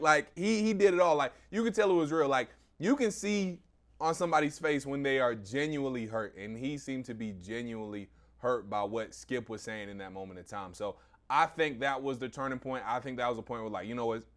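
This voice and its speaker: A man's voice: mid-range voice, brisk, fairly bright tone. A man, a sports radio personality, debating sports media in a confident, emphatic, point-by-point way.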